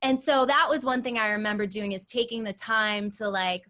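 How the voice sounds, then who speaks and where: A woman teaching an acting class in a chatty, animated way, acting out lines as she explains. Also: mid-range voice, normal speed. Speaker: acting coach.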